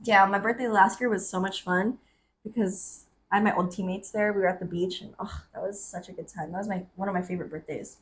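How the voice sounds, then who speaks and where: A woman in her twenties co-hosting a podcast, telling stories in an animated way with frequent laughter. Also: mid-range voice, a little fast. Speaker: podcast co-host. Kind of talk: casual chat.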